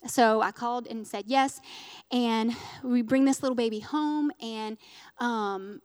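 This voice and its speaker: A woman in her thirties preaches through a personal testimony, her voice pitched a little high. She talks earnestly and with feeling, stumbling and restarting as she holds back tears. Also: a little slow, darkish tone, clean tone, in a large hall. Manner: earnest, emotional storytelling with restarts. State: close to tears. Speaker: speaker at a church gathering.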